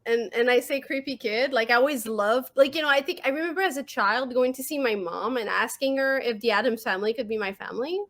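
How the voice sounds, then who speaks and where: A woman with a French accent, co-hosting a podcast in casual chat, animated and giggly with quick asides, on a remote call mic. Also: fairly high pitch. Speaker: podcast co-host.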